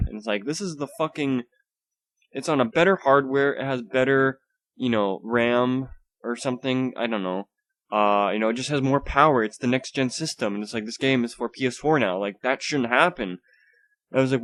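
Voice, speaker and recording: In a home room, a young man hosts a solo podcast, rambling casually with lots of swearing, fillers and restarts. He keeps his volume held back. His mid-range voice moves at a normal speed.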